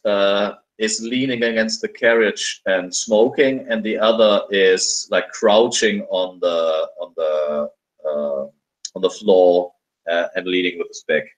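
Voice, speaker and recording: A man guides the players through a tabletop game, taking his time. His voice sits low and his delivery is slow and halting, full of fillers as he works out each ruling. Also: rough recording. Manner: hesitant, many fillers and restarts. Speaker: game master. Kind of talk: running a tabletop game over a call.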